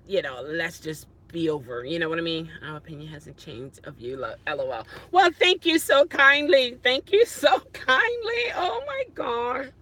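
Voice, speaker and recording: A woman's voice: on the low side, fairly bright tone. A woman rideshare driver chatting casually on a phone livestream from her parked car at night, flustered and exclaiming often. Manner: flustered, exclaiming and laughing at herself.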